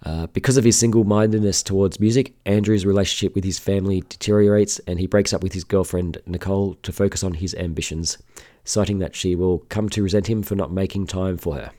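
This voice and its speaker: Guy reading off a movie plot, very deep mellow voice, trips on words a bit. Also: fairly even intonation, a little fast, hardly any pauses. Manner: reads aloud with small stumbles and throat clearing. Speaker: podcast co-host.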